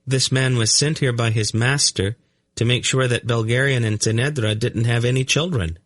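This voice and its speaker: A man voicing a calm, uncanny young boy who reads minds, in an audiobook. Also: mid-range voice, normal speed, no room sound, clean studio sound, pitched above the performer's own voice, natural voice. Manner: calm, matter-of-fact explaining. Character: uncanny mind-reading blond boy, calm. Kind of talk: audiobook character voice.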